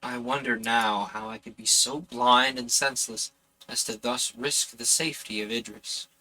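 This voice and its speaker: A man reads an old novel aloud for a live stream audience, earnest in the text and breezy in his self-deprecating asides. His voice is very bright and edgy, at a mid pitch for a man. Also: steady tone, moderate pace, low-quality recording. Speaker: audiobook reader and streamer.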